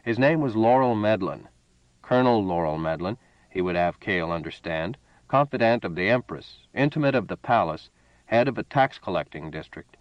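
Low-voiced man narrating a story. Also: animated, moderate pace, no echo, muffled recording. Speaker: audiobook narrator. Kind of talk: scripted narration.

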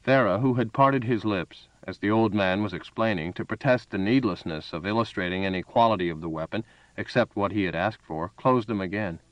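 A man narrating a story in a steady, even reading voice. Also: fairly low pitch, brisk, no room sound, lo-fi sound. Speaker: audiobook narrator. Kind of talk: scripted narration.

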